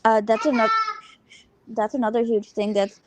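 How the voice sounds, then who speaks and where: A woman's voice: a little high, fairly even intonation, normal speed, crowd noise. A woman calling in to a live stream, speaking hesitantly with restarts and fillers. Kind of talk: casual chat.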